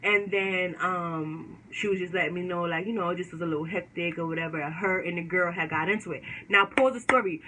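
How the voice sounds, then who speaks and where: A woman vlogger telling a storytime to her viewers in slangy, animated casual talk. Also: fairly low pitch, a little fast, hardly any pauses, slight background noise, low-quality recording.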